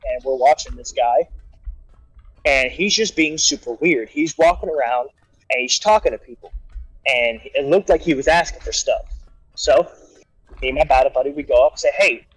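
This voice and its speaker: A man's voice: mid-range voice, husky, no echo, poor audio. Male storyteller, casual and rambling, acts out quotes, dry close recording. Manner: rambling anecdote with acted-out quotes and restarts. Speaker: guest storyteller.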